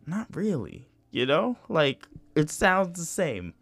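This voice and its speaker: On his solo podcast, a young man rambles in a casual, profane way, leaning on "you know" and frequently restarting. His voice is on the high side, very animated, slow, and a bit bright. The recording has no echo, with faint music in the background.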